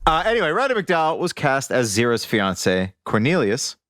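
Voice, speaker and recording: A man co-hosting a podcast, relating facts in a relaxed chat with wry asides. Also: medium pitch, normal speed, no echo, studio quality. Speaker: podcast co-host. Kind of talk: casual chat.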